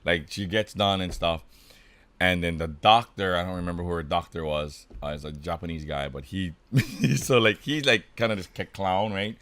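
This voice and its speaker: A man from Hawaii, co-hosting a podcast and telling stories in an animated, laughing way, full of slang like dude and bro. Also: low voice, moderate pace, dry recording. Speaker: podcast co-host. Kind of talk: casual storytelling chat.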